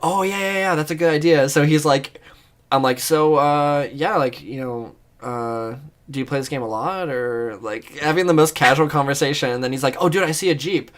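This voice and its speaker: A man's voice: mid-range voice, moderate pace, a bit bright. A male podcast co-host with a mid-range voice telling a long story about a game match. He rambles, swears freely and leans on fillers as he goes. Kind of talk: casual chat.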